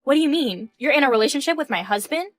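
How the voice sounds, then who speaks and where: Woman playing a firm wife in her thirties, higher pitch, cold and questioning. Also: expressive, fast talker, a bit bright. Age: 30s. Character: composed wife in her mid-thirties, indignant. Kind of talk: reading a text-message story.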